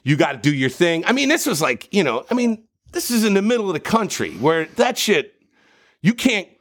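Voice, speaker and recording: A man's voice: high-pitched, moderate pace, slightly rough. Rambling, profane middle-aged man. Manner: rambling, profane, animated storytelling. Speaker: voice actor guest. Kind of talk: casual podcast chat.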